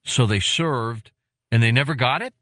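A man's voice: mid-range voice, normal speed, sharp tone, dry recording, studio quality. A man hosting a radio talk show, interviewing a guest with emphatic, indignant remarks.

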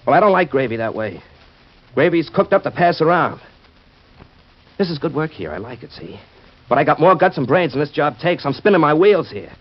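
A man's voice: on the high side, very animated, fairly quick. An actor playing a blunt, proud working-class man who talks in slangy, tough street talk, in 1940s radio acting style. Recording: dull lo-fi old radio recording.

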